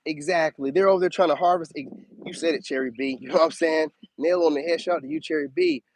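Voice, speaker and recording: Animated preachy man, higher voice. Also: quick pace, vocal fry, rough recording. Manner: animated, preachy, swoops up high for emphasis. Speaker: spiritual advice streamer. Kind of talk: casual live-stream monologue.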